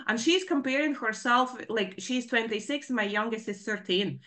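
A woman in her forties speaking on a video call, telling a personal story in an earnest, emotionally raw way, halting and full of "you know, like" fillers. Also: a little high, pushed and bright. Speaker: participant asking in a live Q&A.

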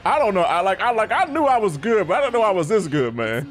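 A man giving excitable, slangy let's play commentary, often yelping into high squeals. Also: fast, hardly any pauses. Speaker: gaming YouTuber. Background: faint game music.

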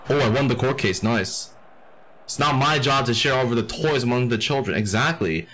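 A man's voice: medium pitch, normal speed, a bit bright, low-quality recording. A young man giving casual, profane gameplay commentary and laughing at the game. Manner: swears freely, laughs at the game. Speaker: gaming YouTuber.

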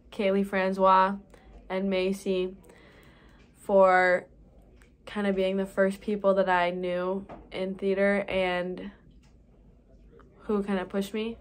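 Young woman, late teens, mid-pitched, rambling emotional farewell. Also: fairly bright tone. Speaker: graduating theater student. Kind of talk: farewell vlog message.

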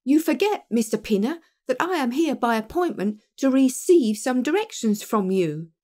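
A woman's voice: high voice, big pitch swings, normal speed, darkish tone, pitched above the performer's own voice. Woman voicing a glib, eager young clerk.

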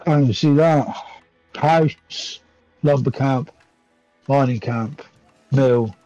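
A man's voice: mid-range voice, slow pace, dark tone, no room sound, soft background music. Swearing gamer man ranting, lo-fi mic. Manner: frustrated ranting, heavy swearing. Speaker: gamer streaming a match. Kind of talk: casual gameplay chat.

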